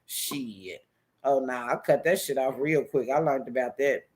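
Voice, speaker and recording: A man from Washington DC, a YouTube commentator, speaks at a measured pace in a mid-range voice. He rants casually about online streamers through animated, profane stories full of laughter, acting out other people's words in shifting voices.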